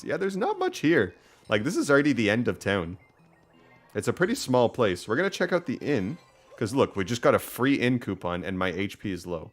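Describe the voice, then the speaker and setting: A man's voice: lowish voice, lively intonation, moderate pace. A man chatting casually while streaming a game, upbeat and full of fillers. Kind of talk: let's play commentary.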